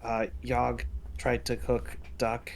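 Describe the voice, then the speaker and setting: A man voicing a huge, simple-minded young male hatchling who talks about himself in the third person, slow and halting. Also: medium pitch, monotone, gravelly, a little hiss or hum. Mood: earnest. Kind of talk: tabletop role-play.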